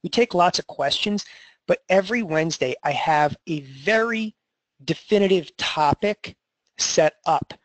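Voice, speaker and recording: A man hosting an online trading webinar, pitching a program and answering questions in an energetic sales manner, often tagging his points with "okay?". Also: unhurried, no echo, rough recording.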